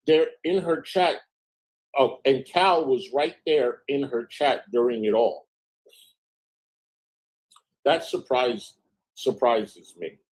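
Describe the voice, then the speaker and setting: A man's voice: medium pitch, breathy edge, rough recording. A man hosting a livestream, casually reading out a string of text messages and cutting in with snarky, sarcastic asides. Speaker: livestream host.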